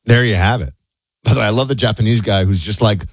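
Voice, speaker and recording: A middle-aged man from the United States hosting a show, talking in a loose, animated way full of fillers and restarts. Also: sits low, quick pace, slightly rough, dry recording. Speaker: show host. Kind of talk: casual commentary monologue.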